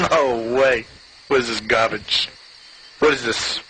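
Guy doing a foulmouthed new york dude, thick accent, rambly rant, bright edgy voice, animated comedy bit. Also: medium pitch, takes it slowly, slight background noise, low-quality recording. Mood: scornful. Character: crude ranting New York guy, petty and scornful.

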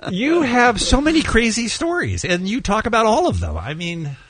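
A man's voice: sits high, slightly rough, dry recording. A man hosting a morning radio show, bantering with his guest and reading promos in an upbeat way. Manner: upbeat, quick, lively. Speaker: radio host.

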